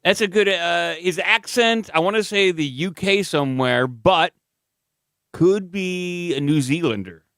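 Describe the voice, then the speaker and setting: A man's voice: high-pitched, a little slow, a bit bright, clear, resonant tone, no room sound. Man, wry quips, comedy podcast co-host, dry close sound. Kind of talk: casual comedy chat.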